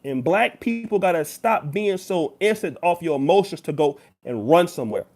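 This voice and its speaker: A man's voice: on the high side, lively intonation, normal speed, gravelly, darkish tone. A man giving emphatic direct-to-camera commentary as a YouTuber, lecturing the viewer. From United States.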